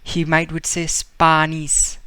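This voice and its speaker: A man's voice: on the high side, monotone, slow pace, bright, forceful tone, clean tone, no room sound. A man giving a casual video language lesson, explaining with fillers and repeating example words as he acts them out. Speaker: Spanish teacher.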